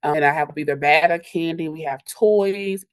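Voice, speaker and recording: A woman teacher, telling animated stories in a podcast interview and acting out what her students say. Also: low voice, moderate pace, dry recording. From Louisiana. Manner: animated storyteller, acts out quotes from kids. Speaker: elementary school teacher.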